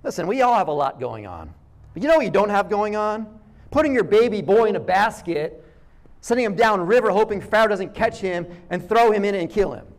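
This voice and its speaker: A middle-aged male pastor with a high-pitched voice preaches to his congregation. He talks in a loose, conversational way, telling stories and voicing people's thoughts as he goes. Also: a little fast. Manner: conversational, animated storytelling with acted quotes. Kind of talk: sermon.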